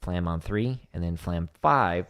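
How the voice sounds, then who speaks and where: A man teaching drum technique on a livestream, explaining exercises step by step and counting patterns aloud in a relaxed, casual way. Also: low-pitched, unhurried, smooth. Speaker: drum teacher on a practice stream. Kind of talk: instructional livestream talk.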